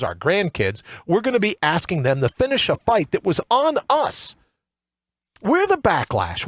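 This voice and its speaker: Male talk host, high and very lively delivery, sarcastic ranting monologue, dry close sound. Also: no echo. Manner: sarcastic, ranting, mocking impressions. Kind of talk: opinionated monologue. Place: home studio.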